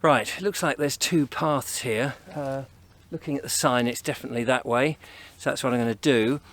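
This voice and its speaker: This vlogger, an Englishman, has a mid-range, fairly bright voice and speaks at normal speed. He offers casual walking commentary to camera along country footpaths outdoors, a bit breathless, rambling and chatty as he thinks things through aloud. His camera is on a tripod he sets up and takes along.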